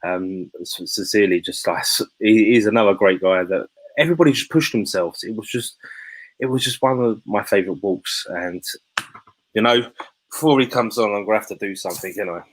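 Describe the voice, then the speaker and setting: A man's voice: fairly low pitch, brisk, poor audio. A man hosting a live chat, talking in an emotional, slangy way with many restarts. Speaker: host.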